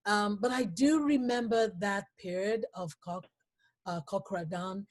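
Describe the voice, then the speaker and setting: Woman, talk show host, slow pace, halting, emotional, lots of fillers. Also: mid-range voice, steady tone. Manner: halting, emotional, laughs often, many fillers. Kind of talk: emotional interview.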